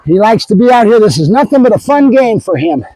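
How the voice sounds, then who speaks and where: Male dog trainer, high pitched, very lively, casual demo talk, dry sound. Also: fairly quick, dry recording, rough recording. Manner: switches between explaining and high, excited praise to a puppy; casual, addresses viewers as guys. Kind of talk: hands-on training demo with commentary to viewers. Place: outdoors at a training area.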